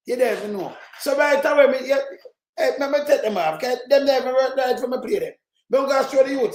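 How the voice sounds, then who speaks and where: A Jamaican man giving loud, mocking political commentary, often shouting. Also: extremely high pitch, expressive, fairly quick, reverberant. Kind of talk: ranting commentary over clips.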